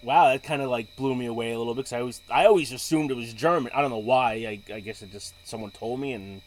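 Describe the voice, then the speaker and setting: A man's voice: mid-range voice, quick pace. A man in casual chat, rambling through stories and laughing often.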